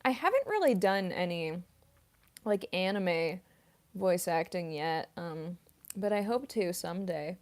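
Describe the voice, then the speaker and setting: A woman's voice: lowish voice, lively intonation, measured pace. A young woman, a voice actress and singer, answering viewer questions in a rambling, casual livestream chat full of fillers and giggles.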